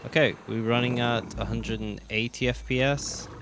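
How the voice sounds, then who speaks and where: A man giving relaxed gameplay commentary as he tests a game on his PC, thinking aloud with many fillers and restarts. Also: medium pitch, moderate pace, background noise. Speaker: gaming channel host.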